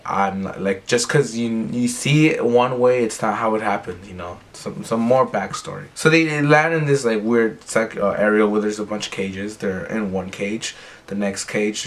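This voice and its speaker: A man's voice: medium pitch, a bit bright. A young man casually recapping an episode in a rambling way, with lots of filler words. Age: young adult. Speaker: recap vlogger.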